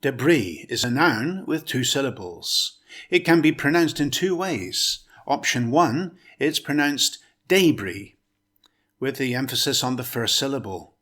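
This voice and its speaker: A man narrating a short scripted pronunciation lesson, speaking in a slow, clear, measured way. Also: mid-range voice, pushed and bright. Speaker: pronunciation teacher.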